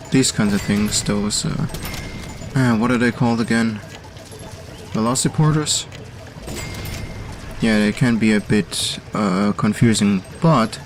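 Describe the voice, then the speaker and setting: A young man with a German accent giving let's-play commentary on game levels, halting and full of pauses and fillers. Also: lowish voice, a little hiss or hum. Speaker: host reviewing community game levels.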